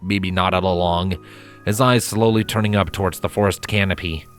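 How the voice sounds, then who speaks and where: A man narrating a fanfiction story in a calm, steady read-aloud manner. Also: low-pitched, moderate pace, soft background music. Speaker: fanfiction reader.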